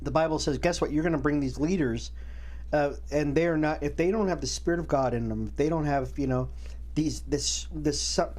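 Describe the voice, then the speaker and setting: A man co-hosting a faith and culture show speaks in a slightly high voice. He chats casually, acting out other people's words and often restarting his sentences. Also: moderate pace. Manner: animated, acts out quotes, many restarts. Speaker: co-host. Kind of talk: casual chat about faith and current events.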